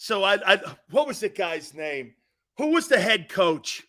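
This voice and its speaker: A middle-aged man from Connecticut hosting a sports talk show, telling stories loudly, laughing and acting out the voices of people he quotes. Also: high voice, very animated, measured pace.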